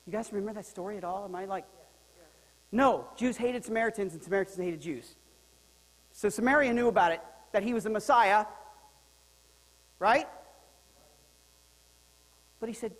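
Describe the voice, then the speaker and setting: A male pastor preaching a sermon in a lively, joking way, swinging between loud and quiet. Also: sits high, moderate pace, pauses often, long reverb tail, low-quality recording. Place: church sanctuary.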